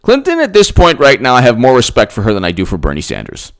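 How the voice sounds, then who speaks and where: Sarcastic man ranting with lively pitch. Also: fast talker. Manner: sarcastic, repeats himself, mocks others in put-on voices. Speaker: political commentary channel host. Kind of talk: rambling solo political rant.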